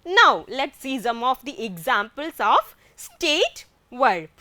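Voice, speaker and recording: A woman's voice: high voice, sing-song, slow, sharp tone, no room sound. A woman with an Indian English accent teaching a grammar lesson, asking questions and answering them herself.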